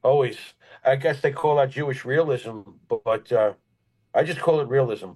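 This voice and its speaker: A man's voice: medium pitch, moderate pace, low-quality recording. Blunt, sarcastic man telling a story. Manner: blunt and sarcastic, with swearing and mocking asides; animated when telling a story. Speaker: talk show co-host. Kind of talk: casual conversational storytelling.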